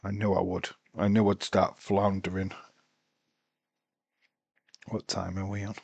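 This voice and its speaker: Tired guy with a slow, low drawl, muttering live wrestling commentary to himself. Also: monotone, gravelly, darkish tone, husky, no echo. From United Kingdom. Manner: rambling, talks to himself. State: sleepy, tired. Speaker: watch-along streamer.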